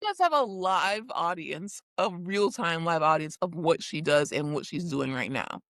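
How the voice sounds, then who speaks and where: A woman's voice: lowish voice, expressive, normal speed, a bit bright, dry recording, studio quality. A woman guest on a podcast, giving blunt, emphatic commentary in casual slang. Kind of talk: casual reality TV recap chat.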